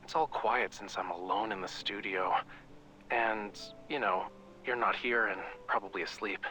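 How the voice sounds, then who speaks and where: Game love interest, male artist, dramatic and affectionate. Low voice, clear music bed. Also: moderate pace, sharp tone. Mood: gentle. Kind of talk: game voice acting. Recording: game audio played on a stream, with music.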